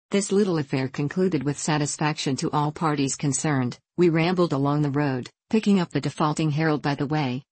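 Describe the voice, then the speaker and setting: A woman narrating a classic storybook in a measured, literary way. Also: low voice, darkish tone, no room sound. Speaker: audiobook narrator. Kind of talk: storybook reading.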